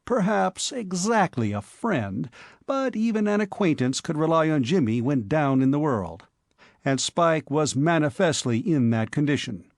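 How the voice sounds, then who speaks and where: A man narrating a comic novel as an audiobook reader, in a measured, wry manner. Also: fairly high pitch, no echo, clean studio sound. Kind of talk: scripted narration.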